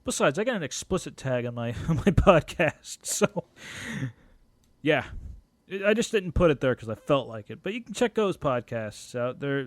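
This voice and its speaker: A man's voice: on the high side, no room sound. A young man hosting his own podcast, ranting angrily and swearing freely, with laughs breaking through. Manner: angry, profane ranting; animated rant with laughs and frequent swearing. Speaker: podcast host. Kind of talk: solo podcast rant.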